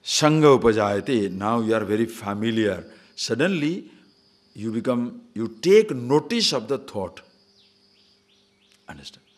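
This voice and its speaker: A man leads a spiritual discourse as a swami, his voice swinging widely up and down as he teases listeners with quick rhetorical questions. He chants short scripture verses slowly between points, at a middle pitch. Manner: lively, teasing rhetorical questions. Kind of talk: spiritual discourse to a live audience.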